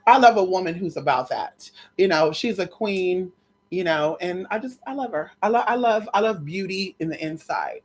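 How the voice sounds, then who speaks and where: Animated, gossipy woman vlogger. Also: lowish voice, brisk, breathy edge. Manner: animated and gossipy, calls listeners girl and honey; swears casually and repeats phrases for emphasis. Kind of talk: casual storytelling chat.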